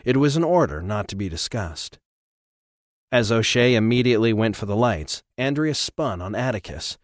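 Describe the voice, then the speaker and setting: Low-voiced man narrating a thriller audiobook. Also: normal speed, dry recording, studio quality. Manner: expressive, dramatic reading. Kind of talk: scripted narration.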